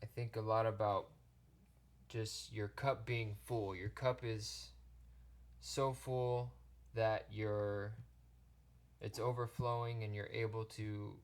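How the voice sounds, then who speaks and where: Man, tarot reader; slow, even delivery, low and flat, halting gentle phrasing. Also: gravelly. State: choked up, near tears. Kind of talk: pick-a-card tarot reading.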